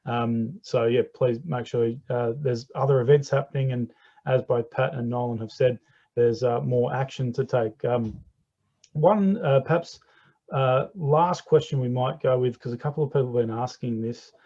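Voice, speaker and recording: A man hosting an online forum, hesitant and friendly with frequent pauses. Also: mid-range voice, dark tone. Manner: hesitant, many fillers, friendly. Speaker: forum host. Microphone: video call. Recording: dull lo-fi video call audio.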